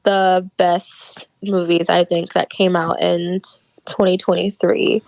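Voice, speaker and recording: A woman's voice: lowish voice, little pitch movement, slow pace, creaky, darkish tone, dry recording, poor audio. A woman co-hosting a podcast in casual chat, talking enthusiastically and acting out her own reactions. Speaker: podcast co-host.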